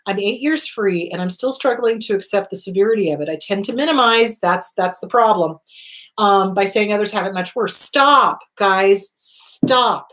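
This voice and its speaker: A woman counselor hosting a show, giving blunt, emphatic advice in a lively, direct way. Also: medium pitch, normal speed.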